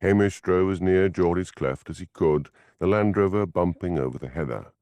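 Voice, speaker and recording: Deep gravelly male audiobook narrator, lively delivery, close and dry. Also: normal speed, no echo. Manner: expressive storytelling. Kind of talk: scripted narration.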